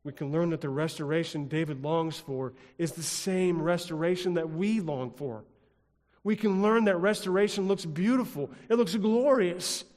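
A man's voice: a little high, normal speed. Man preaching in a reverberant hall. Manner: rhythmic, repetitive preaching with dramatic drops to a hush. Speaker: pastor. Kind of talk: sermon.

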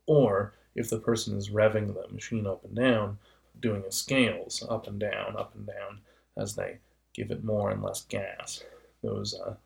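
A man's voice: fairly low pitch, creaky. A man giving a casual, patient explanation of how engines and voices make sound. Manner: patient, illustrates with vocal demonstrations.

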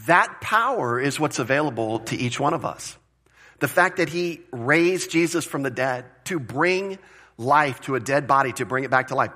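A man preaching a sermon to his congregation, emphatic and animated, repeating phrases and asking the room questions. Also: medium pitch. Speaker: pastor.

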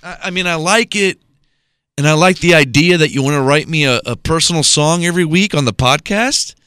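A man's voice: a little high, fairly quick, pushed and bright, smooth, no room sound, studio quality. A man co-hosting a comedy podcast, scolding his partner in an exasperated tone. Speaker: podcast co-host.

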